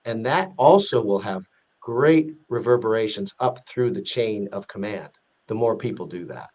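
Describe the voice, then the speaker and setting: A man, a guest being interviewed, explaining his points in an earnest, measured way with frequent restarts. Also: lowish voice, expressive, darkish tone, lo-fi sound. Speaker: guest, president of an advocacy group. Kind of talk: podcast interview.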